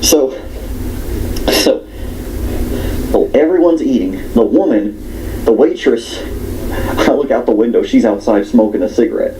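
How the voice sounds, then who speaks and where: A man's voice: medium pitch, a little slow, pauses often, slight background noise, low-quality recording. A man hosting a podcast, telling a story in a rambling, casual way. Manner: rambling, animated, with restarts. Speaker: podcast host.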